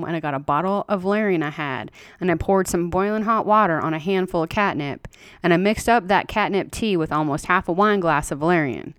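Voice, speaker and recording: A woman's voice: fairly low pitch, smooth, no room sound, studio quality. A woman storyteller giving a dramatic reading of a horror story in rural dialect, telling it in a blunt, indignant, folksy way.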